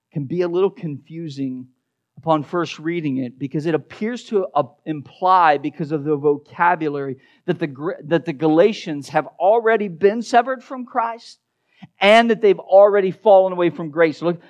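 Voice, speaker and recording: A male pastor with a fairly high voice, delivering an expository sermon. He drives his points home with emphatic repetition, then sinks to a quiet, low voice when he reads the key verses.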